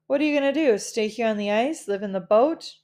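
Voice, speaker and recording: A woman's voice: fairly high pitch, a little fast, darkish tone, lightly acted. A woman reading the part of an earnest, loyal boy who pleads urgently with a friend. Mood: pleading.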